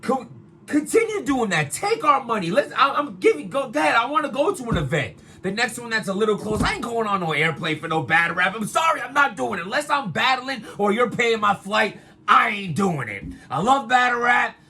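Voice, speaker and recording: A man ranting casually to his viewers, animated and slangy, repeating himself as he vents. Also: very high-pitched, a little fast, a little hiss or hum. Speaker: vlogger, battle rap commentator. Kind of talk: casual opinion rant to camera.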